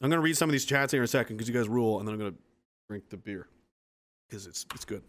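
A man's voice: mid-range voice, lively intonation, racing, a bit bright. A man in his twenties hosting a livestream, delivering an angry, profane, sarcastic political rant. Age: 20s. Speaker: livestream host.

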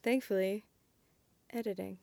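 A woman hosting a podcast in casual chat, talking in quick bursts with lots of fillers and restarts. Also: mid-range voice, fairly even intonation, gravelly, dark tone, no echo. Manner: chatty, frequent fillers and restarts, laughs easily. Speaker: podcast host.

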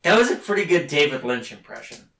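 A man's voice: big pitch swings, fast, a bit bright. A man hosting a casual podcast, joking and laughing, often restarting his lines. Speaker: podcast host. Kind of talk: casual chat. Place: bedroom. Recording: roomy, distant low-quality recording.

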